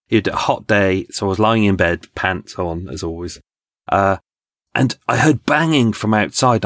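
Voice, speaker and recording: A man with a fairly low voice tells stories as a podcast guest. He talks in an animated, chatty way, stumbling and restarting and laughing as he goes. The sound is dry and close, with no room around it. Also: no echo. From England. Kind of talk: storytelling in conversation.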